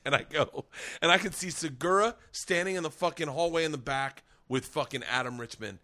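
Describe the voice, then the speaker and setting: A man's voice: fairly high pitch, fairly quick, bright, forceful tone. A man hosting a podcast, telling a long story in casual, profane chat with frequent swearing. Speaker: podcast host.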